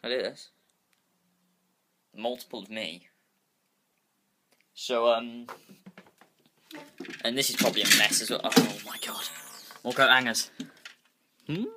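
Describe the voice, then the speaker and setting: A man's voice: medium pitch, steady tone, a little slow, pauses often, noisy background. A young man vlogging on a handheld phone at home, rambling and restless and swearing freely. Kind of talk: casual vlog. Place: bedroom at home. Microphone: phone held in hand.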